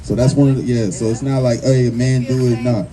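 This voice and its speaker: A man's voice: medium pitch, fairly even intonation, fairly quick. Confrontational male street preacher. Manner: forceful, confrontational, repetitive with many fillers. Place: outdoors on a busy street. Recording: busy street crowd noise.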